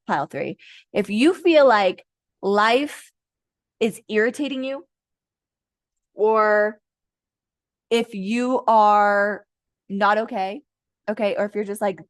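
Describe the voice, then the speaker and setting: A playful woman in her thirties chats her way through a tarot card reading for viewers, laughing and swearing often. Her voice sits at a middling pitch. The sound is dry and close, with no room echo. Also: measured pace, pauses often.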